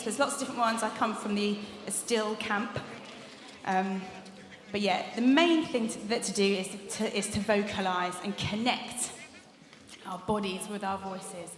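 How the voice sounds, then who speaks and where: In a large conference hall with long, echoey reverb, a young woman leads a vocal workshop as a live masterclass. She has a mid-range voice and comes across as chatty and encouraging, laughing often as she models the exercises. A slight background noise is present.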